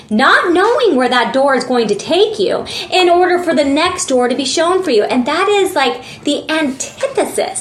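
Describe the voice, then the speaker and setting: A woman's voice: high voice, echoey room. A woman giving a casual, earnest tarot reading, chatty and full of fillers. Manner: chatty, earnest, lots of fillers and acted asides. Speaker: tarot reader.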